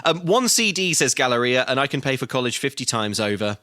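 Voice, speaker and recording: A man's voice: mid-range voice, sing-song, fairly quick, bright, forceful tone. A man co-hosting a comedic film recap podcast, joking and laughing often as he retells scenes. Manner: laughs often, jokey asides. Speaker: podcast co-host.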